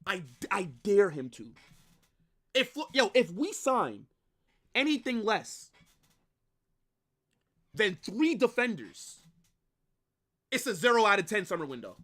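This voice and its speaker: A young man hosting a live football watch-along, ranting and exasperated, rising into shouted bursts. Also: high-pitched, sing-song, slow, pauses often. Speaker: fan stream host.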